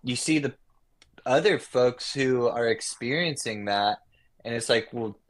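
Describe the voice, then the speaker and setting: A man's voice: mid-range voice, measured pace. A man, a guest musician, talking casually and reflectively, trailing off and restarting his sentences often. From Nashville. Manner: reflective, rambling with many restarts. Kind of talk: casual podcast conversation.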